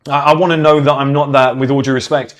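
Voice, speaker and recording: A man's voice: mid-range voice, little pitch movement, quick pace. Emphatic British man ranting casually. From Britain. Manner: emphatic, swears freely, acts out quoted people. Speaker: podcast host. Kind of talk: casual opinionated monologue.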